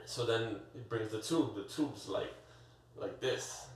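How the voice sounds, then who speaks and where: A man telling a story in casual podcast chat, animated and full of slang, stumbling over his words and restarting. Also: on the low side, takes it slowly, a little hiss or hum. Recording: roomy echo, far from the mic.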